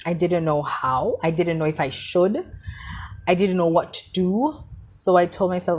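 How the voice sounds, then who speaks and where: Woman vlogger, grieving and tearful, heartfelt monologue with repeated phrases; voice sits low. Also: a little slow, darkish tone. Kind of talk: personal vlog monologue.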